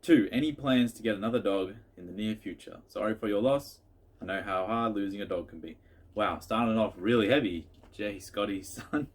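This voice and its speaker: A man talks his way through viewer questions in a casual home vlog. His voice sits fairly low and has a husky edge. He rambles in a chatty way, often restarting his sentences. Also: normal speed. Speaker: card collector answering viewer questions.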